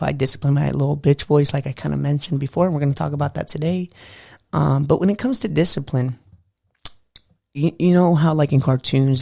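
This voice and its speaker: Gravelly-voiced man hosting a morning podcast. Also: on the high side, a little mellow, no echo, clean studio sound. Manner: loose, rambling, says "you know" and "bro" often. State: just out of bed, early morning voice. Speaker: podcast host. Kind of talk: casual motivational podcast talk.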